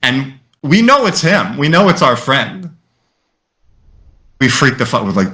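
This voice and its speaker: A man on a casual podcast, spinning a story with lively energy. His voice is bright and forward, and he swears freely and drops Arabic phrases between English lines. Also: mid-range voice, unhurried. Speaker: podcast co-host.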